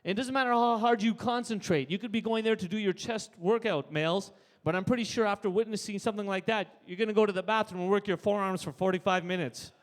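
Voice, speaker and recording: Canadian man doing stand-up, high voice, punchy delivery, live club with long reverb. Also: fast, few pauses. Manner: punchy, tags jokes with "right?". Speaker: stand-up comedian. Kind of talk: stand-up set. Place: live comedy stage.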